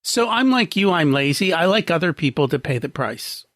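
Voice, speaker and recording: A man hosts a podcast and asks his guest curious, good-humoured questions. His voice is fairly high for a man, and the recording is close and dry. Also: big pitch swings, normal speed, fairly bright tone, no echo. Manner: curious, joking. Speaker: podcast host. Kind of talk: interview questions.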